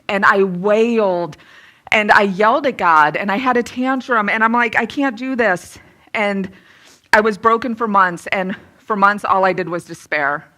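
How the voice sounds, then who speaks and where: A woman in her thirties sharing a candid personal testimony and teaching from the Bible, lively and self-deprecating. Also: medium pitch. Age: 30s. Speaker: speaker giving a testimony.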